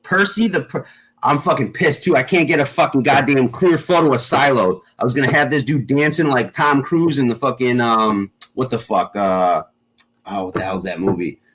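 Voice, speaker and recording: A man's voice: mid-range voice, normal speed, fairly bright tone, husky, poor audio. A man hosting a casual chat show, rambling with lots of fillers and constant swearing. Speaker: show host.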